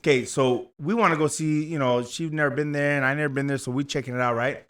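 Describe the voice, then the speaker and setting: A man's voice: fairly high pitch, steady tone, quick pace, a bit bright, clean tone. A man, telling a story in casual chat, acting out the voices and swearing freely. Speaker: co-host.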